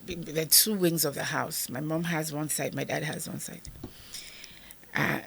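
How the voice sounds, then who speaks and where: A woman's voice: deep voice, a little slow, creaky, pauses often, breathy edge. A Nigerian woman in her fifties, an interview guest telling an emotional personal story and acting out the dialogue as she goes. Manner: vivid retelling that acts out the dialogue.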